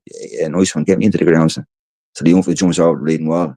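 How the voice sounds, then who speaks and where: Deep-voiced Irish man rambling on a livestream. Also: fairly even intonation, fast, darkish tone, no room sound. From Ireland. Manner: swears freely, repeats words. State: tired. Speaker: livestream host. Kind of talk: casual rambling storytelling. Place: indoors, home.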